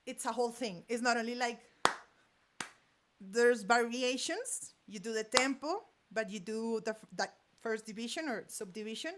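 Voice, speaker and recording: A woman's voice: a little high, moderate pace, very noisy. Woman teaching drum rhythms. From Colombia. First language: Spanish. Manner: counts rhythms aloud with vocal syllables while drumming. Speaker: percussion teacher. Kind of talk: music master class. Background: hand drums and percussion.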